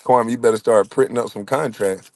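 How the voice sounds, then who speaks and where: Here a middle-aged man talks fairly quickly in a creaky, medium-pitched voice, and the audio has no echo. It's casual, profane storytelling: he reacts to chat with funny, cursing anecdotes, animated and often breaking into laughter.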